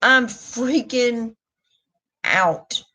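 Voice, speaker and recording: A middle-aged woman vlogger rambles through a live stream chat, candid and emotional, often restarting her thoughts. Her slightly high voice draws out words and sounds pushed and bright. The recording quality is low.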